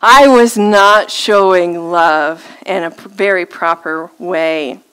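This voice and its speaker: A woman's voice: lowish voice, takes it slowly, fairly bright tone, clear, resonant tone, low-quality recording. A woman, preaching a sermon and telling a story on herself with self-deprecating laughter.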